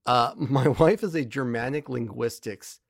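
A man's voice: mid-range voice, a little slow, vocal fry, husky, no echo. A man in his thirties co-hosting a podcast, talking casually and ranting emphatically about a show. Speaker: podcast co-host. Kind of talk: casual chat.

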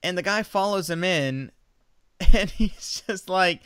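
A male co-host talking casually on a podcast and looping back to correct himself as he retells the story. His voice is bright and crisp. It sounds close and dry, with no room around it. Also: high voice, slow, dry recording. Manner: rambling, self-correcting recaps. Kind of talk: casual chat.

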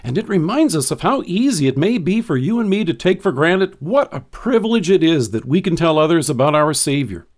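Male devotion reader, earnest and measured, voice a touch high. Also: lively intonation. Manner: measured, earnest reading of scripture. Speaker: devotion speaker. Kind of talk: scripted devotional reading.

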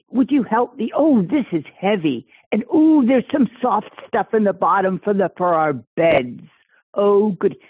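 Eager chatty castaway lady, woman playing her, husky, stammers a lot, tinny phone sound. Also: medium pitch, dry recording, pitched above the performer's own voice, full character voice.

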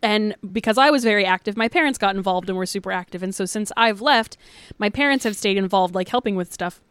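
A young woman co-hosting a podcast, telling a story with animated, giggly energy. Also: medium pitch, fast talker, smooth, no room sound. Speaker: podcast co-host. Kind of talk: casual chat.

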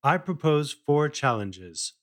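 A man voicing a polite, determined young boy who speaks calmly. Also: a little high, takes it slowly, exaggerated voice. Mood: polite, firm. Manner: polite, calm.

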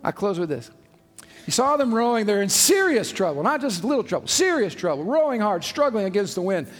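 A man's voice: high-pitched, sing-song, fairly quick. A male pastor preaching a sermon with emphatic, conversational delivery and frequent rhetorical questions. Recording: long hall reverb, faint music behind.

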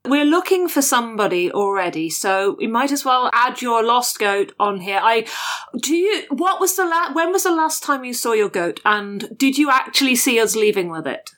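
Bright, animated woman player. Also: a little high, moderate pace. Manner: animated, giggly. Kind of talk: tabletop game chat.

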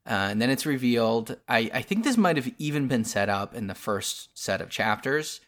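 A man's voice: medium pitch, sing-song, moderate pace, few pauses, fairly bright tone. A man co-hosting a casual podcast, earnestly retelling comic scenes with many restarts and fillers. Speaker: podcast co-host.

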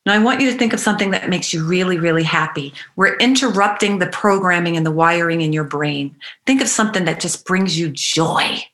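Bright-voiced woman leading tapping meditation. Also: on the low side. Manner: slow, soothing, repetitive guided cues; playful bursts of animal noises and laughter. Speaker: EFT tapping coach.

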